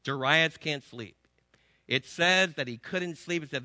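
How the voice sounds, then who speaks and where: A man preaching a sermon to a congregation, telling a story with emphatic swings between loud and hushed delivery. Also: on the high side, unhurried, no room sound. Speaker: pastor.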